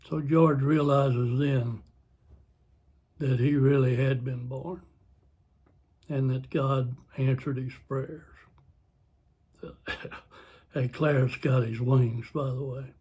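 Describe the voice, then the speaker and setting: A man's voice: mid-range voice, steady tone, slow pace, long pauses, mellow, slightly rough. A man retelling a film plot in a rambling, self-correcting way. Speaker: vlogger. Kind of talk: casual storytelling.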